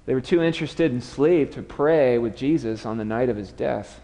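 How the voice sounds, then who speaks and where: A man's voice: mid-range voice, a little fast, few pauses, warm tone, big-room sound. A man preaching a sermon, telling the story dramatically and acting out the lines of the people in it. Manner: dramatic storytelling, acts out quotes with raised voice. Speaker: pastor.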